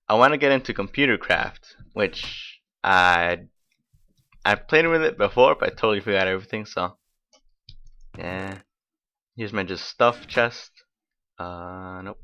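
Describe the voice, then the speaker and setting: A man's voice: fairly low pitch, bright, forceful tone, clear, resonant tone, dull audio. A man giving casual, rambling gameplay commentary as host of his own let's play, talking in an offhand, chatty way.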